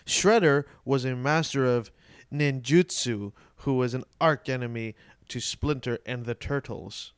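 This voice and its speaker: A man's voice: medium pitch, unhurried, clear, resonant tone, dry recording, clean studio sound. A man co-hosting a comedy podcast, teasing his partner, laughing often and arguing playfully. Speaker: podcast co-host. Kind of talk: casual comedic chat.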